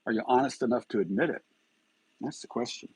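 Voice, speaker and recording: Husky-voiced man grilling a suspect aloud. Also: mid-range voice, a little fast, no echo, low-quality recording. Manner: agitated, fires rhetorical questions. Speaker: live stream host. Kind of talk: heated true-crime commentary.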